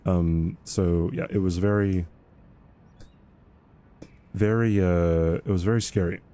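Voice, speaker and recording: This young gamer talks slowly in a low, mellow voice with a steady tone. His livestream chat is casual and meandering, full of repeated words and points ending in "right?"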